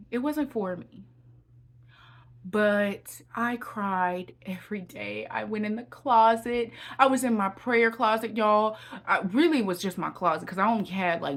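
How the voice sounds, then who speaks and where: A woman's voice: medium pitch, fairly bright tone. A young woman giving a heartfelt personal testimony and encouragement to viewers, often repeating her phrases and calling them y'all. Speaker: Christian encouragement vlogger.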